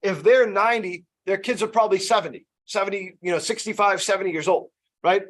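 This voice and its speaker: A man's voice: sits high, steady tone, brisk, fairly bright tone. A man running a casual sales training session, chatty and loose, often checking in with "you know" and "right?". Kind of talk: casual team training talk.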